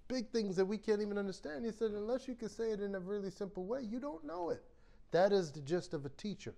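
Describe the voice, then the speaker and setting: Guy teaching a bible study sermon, kinda high voice, acts out little stories as he goes. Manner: animated storytelling, acts out quoted voices. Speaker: pastor.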